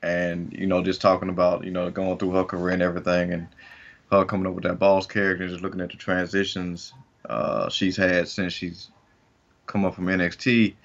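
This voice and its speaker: Low-voiced man, dull lo-fi sound. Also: completely flat delivery, fairly quick. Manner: rambling, restarts often, hedges with "to me". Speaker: podcast co-host. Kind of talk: casual chat. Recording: dull lo-fi recording.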